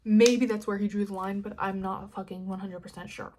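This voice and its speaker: A young Californian woman talks straight to her listeners in a loose, rambling solo podcast. She swears freely and swings from loud bursts to quiet mutters, with a middle-range voice that is neither high nor low. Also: little pitch movement, fairly quick. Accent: Californian American. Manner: rambling, candid, sweary, dramatic swings in loudness. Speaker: podcast host. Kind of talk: casual solo podcast chat.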